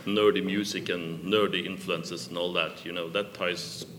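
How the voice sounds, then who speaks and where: A man hosting an interview, asking leading questions in a measured way. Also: low-pitched, little pitch movement. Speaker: interview host. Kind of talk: podcast interview. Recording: reverberant hall with faint noise.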